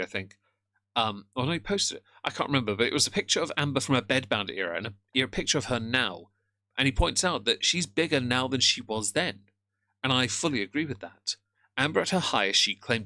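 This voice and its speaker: A man talking on a live stream in a loose, rambling way. His voice is bright and forward, recorded close and dry on a desk mic, with no room sound. He greets viewers and stumbles over a word now and then. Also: mid-range voice, dry recording. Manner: rambling, chatty, greets chat, stammers at times. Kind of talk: casual live-stream commentary.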